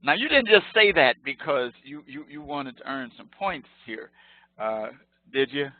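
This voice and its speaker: A man's voice: a little high, big pitch swings, normal speed, dry recording. A professor in his sixties from Chicago, giving a chatty, joking lecture that drifts off topic with frequent laughter. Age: 60s. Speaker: college professor. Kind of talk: informal online lecture. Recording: tinny phone-like line, dry.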